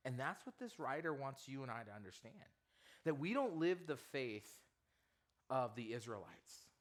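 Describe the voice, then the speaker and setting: A man preaching to students as their youth pastor, telling a comic story in an animated way and quizzing the audience. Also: mid-range voice, normal speed.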